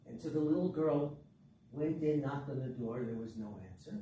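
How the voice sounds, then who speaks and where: A man telling a story to a workshop class in a lively, dramatic way. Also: fairly high pitch, moderate pace. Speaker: workshop teacher. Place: workshop room. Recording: echoey room, distant mic, faint noise.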